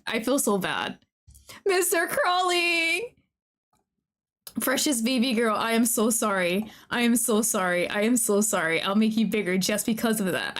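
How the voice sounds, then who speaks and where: A woman streamer commenting on a game as she plays, gushing, excitable and talking straight to the characters. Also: mid-range voice. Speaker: VTuber streamer. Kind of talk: let's-play commentary.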